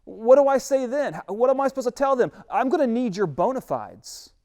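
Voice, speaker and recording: A man's voice: very animated, normal speed, darkish tone, full character voice. A man voicing an anxious, whining Moses full of excuses, in a pleading, raised voice during a sermon. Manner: pleading, higher-pitched, stressed. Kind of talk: sermon retelling with character voices.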